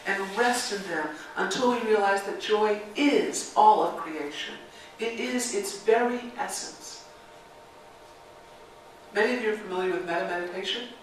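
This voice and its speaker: A woman's voice: medium pitch, slight background noise. A woman minister giving a reflective sermon and leading her congregation in guided meditation, speaking in a church sanctuary. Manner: reflective, leads call-and-response chanting. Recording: very echoey sanctuary, mic far off.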